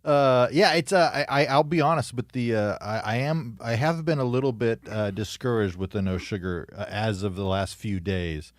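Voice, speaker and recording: Laid-back deadpan man, dry sound. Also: on the low side, normal speed, hardly any pauses, dry recording. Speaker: podcast co-host. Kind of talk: casual comedy podcast chat.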